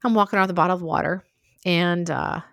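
Female solo podcast host, lower register, candid conversational delivery, dry close-miked sound. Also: fast talker, gravelly, a bit bright, no room sound. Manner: frank, conversational, full of asides.

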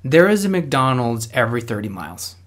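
A man's voice: medium pitch, big pitch swings, a little fast. Young Canadian man, Canadian accent, chatty rambling storyteller. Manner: rambling storyteller, lots of restarts and fillers. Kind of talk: casual chat.

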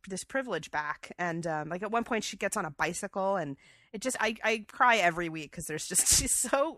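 A woman co-hosting a chatty podcast, talking with eager enthusiasm and loose fillers. Her tone is bright and forward, and her mid-range voice sounds dry and close to the mic. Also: medium pitch, no echo. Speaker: podcast co-host. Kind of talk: casual chat.

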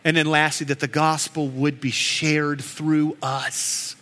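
A man's voice: a little high, level tone, slow pace, sharp tone. A middle-aged man preaching a sermon as pastor, earnest and emotional, telling stories between prayers in a church. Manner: earnest, emotional, with storytelling asides. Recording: echoey hall with long reverb.

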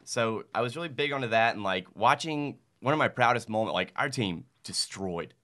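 A man's voice: mid-range voice, animated, normal speed, sharp tone. A man in his thirties from Mississippi, a podcast guest chatting casually and earnestly, with many fillers like "like". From Mississippi, USA. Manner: earnest, rambling, heavy use of "like". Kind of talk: casual chat.

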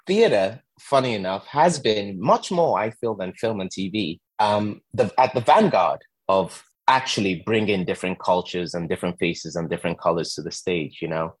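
A man being interviewed about his acting career talks with animated, emphatic storytelling. His voice is husky and sits fairly low. The recording is dry and close, with no room sound. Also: no echo. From England. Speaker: actor and guest. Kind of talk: conversational interview.

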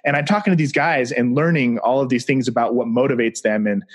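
A man's voice: medium pitch, quick pace. A man guesting on a podcast as a relationship researcher, telling stories in an enthusiastic, casual way full of "like". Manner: enthusiastic, casual, uses "like" a lot. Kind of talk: casual interview storytelling.

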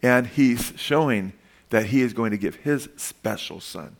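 A man preaching a sermon as a pastor, earnest, moving between soft, slow passages and sudden emphatic lifts. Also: medium pitch, lively intonation, gravelly.

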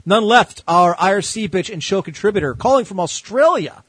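A man's voice: sits high, expressive, normal speed, fairly bright tone, husky, no room sound, low-quality recording. Casual, crude male call-in host. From United States. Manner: laid-back, joking, crude. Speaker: show host. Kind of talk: casual call-in show hosting.

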